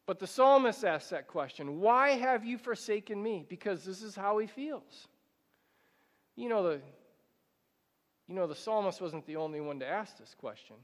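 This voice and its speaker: High-voiced pastor preaching in a reverberant hall. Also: male voice, animated. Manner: rhetorical questions, slows and rises for scripture. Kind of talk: sermon. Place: church sanctuary. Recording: church hall with long reverb.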